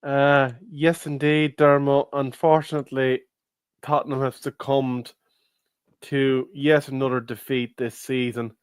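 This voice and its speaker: A man co-hosting a casual football fan show, measured and analytical in his points. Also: mid-range voice, little pitch movement, smooth, dry recording. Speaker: co-host.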